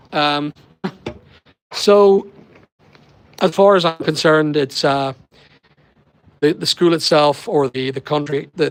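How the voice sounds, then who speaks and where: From a holiday lodging abroad, a middle-aged man from Northern Ireland, speaking with its accent, live streams in a fairly high-pitched voice, meandering and taking viewer comments as they come. The audio is poor, captured on a laptop or phone over a weak connection.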